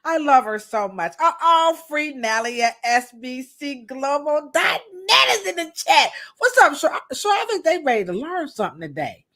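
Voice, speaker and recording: A woman's voice: high-pitched, sing-song, moderate pace, few pauses, bright, forceful tone. A woman in her thirties hosting a live podcast, chatting playfully and greeting viewers in the chat. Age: 30s. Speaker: podcast host. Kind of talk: casual livestream chat.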